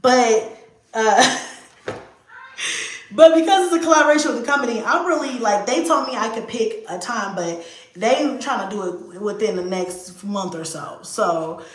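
A young adult woman with a fairly high voice talks casually and animatedly to her viewers, swearing freely and acting out her kids' voices. The sound bounces around an echoey room. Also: expressive, moderate pace. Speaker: video host.

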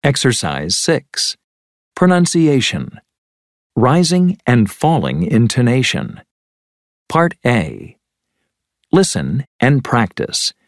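A man reading textbook audio instructions in a slow, clear, measured way. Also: mid-range voice, huge pitch swings, dry recording, studio quality. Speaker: course audio narrator.

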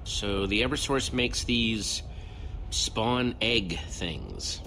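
An earnest young hero. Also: male voice, fairly low pitch, very slow, bright, forceful tone, a little hiss or hum, full character voice. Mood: curious. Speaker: game character. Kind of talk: video game voice acting.

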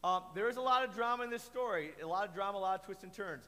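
A man teaching a children's Bible lesson at church, playful and animated, quizzing the kids. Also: sits high, rapid-fire. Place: church kids' room. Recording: echoey hall reverb.

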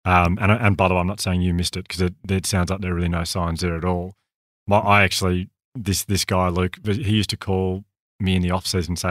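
Australian male podcast co-host, earnest and fast, dry close mic. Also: deep voice, little pitch movement, fairly bright tone, dry recording. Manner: earnest, talks quickly with restarts. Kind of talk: candid conversational storytelling.

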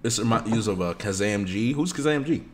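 Excitable slangy male streamer. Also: fairly low pitch, brisk. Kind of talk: casual live-stream chat.

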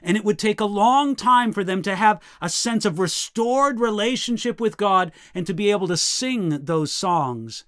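A man teaching as a pastor, going through scripture verse by verse in a measured, reflective way and reading quotations with feeling. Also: high-pitched, expressive, a bit bright, no room sound, clean studio sound.

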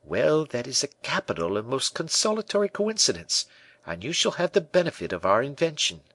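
A man reading an audiobook, voicing a witty, observant playwright who explains things politely and smoothly. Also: medium pitch, huge pitch swings, fairly quick, a bit bright, no echo, voice pushed up, full character voice. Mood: courteous.

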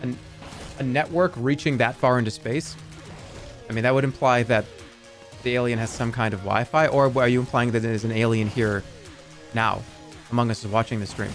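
A man's voice: mid-range voice, steady tone, moderate pace, pauses often. Guy streaming, mid voice, rambly jokey chat, mumbles asides, a bit of game music under it. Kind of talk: casual live-stream chat.

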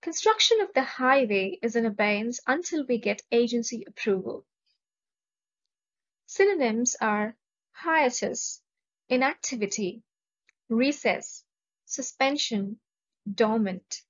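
Recorded in dull lo-fi, this vocabulary lesson comes from a woman with an Indian English accent and a fairly high, animated voice. She goes slowly with long pauses, enunciating each word carefully and reading out example sentences.

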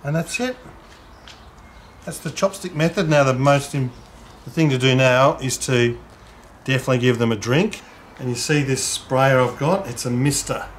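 An Australian home gardener shows how to transplant seedlings, talking at a relaxed, chatty, normal speed in an ordinary mid-range voice. He works at the bench and chats gently and informally with the person filming, mixing casual how-to talk with some scripted narration. There's faint background noise.

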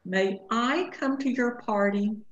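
A woman's voice: fairly high pitch, takes it slowly, slight background noise, pitched above the performer's own voice. A woman voicing a small, lonely young male bunny who speaks in a plaintive, sniffling way. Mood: sad. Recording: echoey room, dull lo-fi sound.

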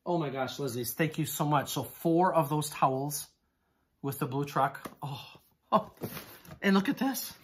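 A man vlogging to camera as he unpacks items, gushing and exclamatory, excited with shaking hands, often stopping to say how amazed he is. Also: on the high side, measured pace, slight background noise. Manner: gushing, exclamatory, keeps repeating "oh my goodness". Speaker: haul vlogger. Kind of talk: casual unboxing chat to camera.

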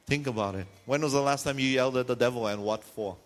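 A man preaching a sermon to a congregation in a church, animated and full of rhetorical questions, sometimes acting out shouting voices. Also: mid-range voice, quick pace. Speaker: pastor. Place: church sanctuary. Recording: long hall reverb in a church.

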